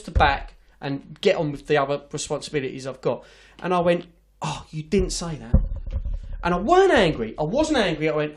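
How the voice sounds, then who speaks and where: A man's voice: high voice, a bit bright. A man hosting a podcast, telling an office story in a sweary, ranting, casual way. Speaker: podcast host.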